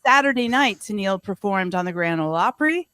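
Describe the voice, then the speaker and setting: A woman's voice: mid-range voice, expressive, fairly quick, bright, forceful tone, no echo. Dry-sounding chatty female co-host. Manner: chatty and teasing. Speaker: radio co-host. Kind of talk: casual radio chat. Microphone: studio microphone.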